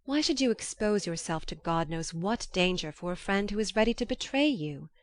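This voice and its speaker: A woman's voice: medium pitch, expressive, moderate pace, lightly acted. A woman narrator voicing an earnest, resolute young man in love in an audiobook, reassuring in manner. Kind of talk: audiobook character voice.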